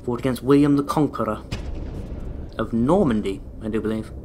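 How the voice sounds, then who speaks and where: A man's voice: mid-range voice, moderate pace, noisy background. A young man rambling through casual gameplay commentary as a let's play host, with dry, self-deprecating jokes aimed at his viewers.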